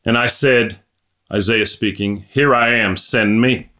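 Middle-aged male preacher, bright cutting tone, impassioned sermon delivery with slow scripture reading. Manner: impassioned, rising to emphatic high-pitched peaks.

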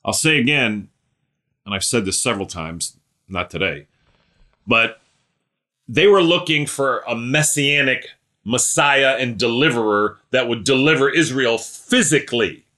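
A man preaching a sermon. His voice is bright and forceful at a middle pitch. He leans hard on key lines, then drops into hushed, mumbled asides. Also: lively intonation, measured pace. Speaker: pastor.

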